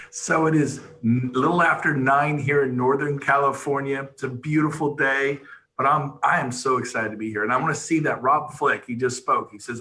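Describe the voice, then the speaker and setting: A middle-aged man giving an energetic, emphatic motivational pitch to real estate agents. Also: moderate pace, poor audio. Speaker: real estate brokerage leader.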